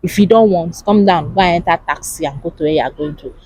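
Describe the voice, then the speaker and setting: A young woman with a Nigerian accent, chatting casually to camera in an animated way and asking rhetorical questions. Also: lowish voice, quick pace, slightly rough, no room sound, poor audio. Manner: animated, asks rhetorical questions, laughs often. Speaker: vlogger.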